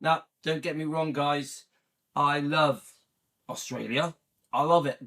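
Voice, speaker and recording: A man talks casually to his viewers, rambling from point to point with lots of ums and uhs. His voice sits high and bright, and he speaks at an unhurried pace. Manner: rambling, chatty with frequent fillers. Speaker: channel host. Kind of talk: casual chat to camera.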